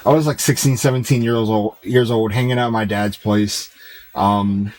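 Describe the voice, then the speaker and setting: A man with a fairly low voice rambles through a relaxed, joking chat with his stream viewers while he plays. He talks into a desk mic at home, with a faint hum of room noise behind him. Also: moderate pace, poor audio. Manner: rambling, loose and joking, reads chat aloud.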